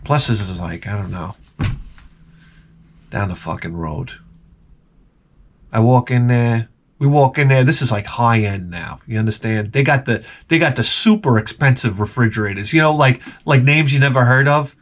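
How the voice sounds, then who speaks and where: A man's voice: mid-range voice, lively intonation, normal speed. A man telling a profane, exasperated story in casual vlog style. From Long Island, New York. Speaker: vlogger.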